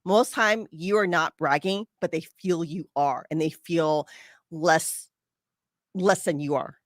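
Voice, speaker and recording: A woman's voice: low voice, slow pace, no echo, clean studio sound. A woman podcast host telling a personal story and giving casual advice, acting out her friends' lines as she goes. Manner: animated, acts out quoted friends.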